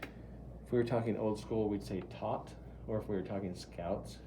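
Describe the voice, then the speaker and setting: A man's voice: fairly low pitch, fairly even intonation, moderate pace, dark tone, slight background noise. A middle-aged man teaching pottery at the wheel, chatty and talking students through each step. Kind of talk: live wheel-throwing demonstration.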